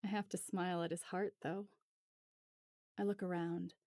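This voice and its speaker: Woman narrator reading fan fiction, measured, dark mellow tone, dry close sound. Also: on the low side, level tone, dry recording.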